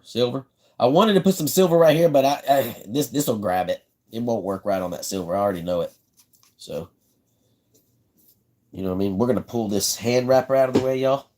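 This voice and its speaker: A man with a medium-pitched, darkish voice and a Southern accent, from South Carolina, runs a casual live stream while putting together a fishing rod. He talks in a laid-back way, often repeating himself.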